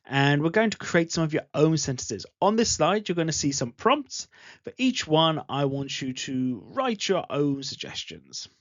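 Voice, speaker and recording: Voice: mid-range voice, very animated, measured pace, dry recording. An English teacher giving an online grammar lesson, speaking patiently and repeating example sentences. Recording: dull lo-fi voice recording.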